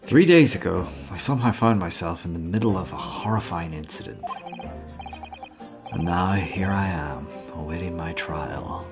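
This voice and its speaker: A man's voice: deep voice, animated, normal speed, music in the background. A man voicing a nervous young male university student on trial, in an earnest, jittery way. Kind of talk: voicing game characters on a stream.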